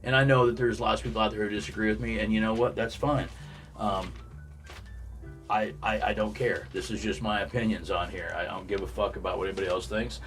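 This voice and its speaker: A man's voice: on the low side, steady tone, brisk, fairly bright tone, recorded from a distance, faint music behind. A man giving blunt, profanity-heavy opinions in a casual rant about the week's shows. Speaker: wrestling commentary podcaster.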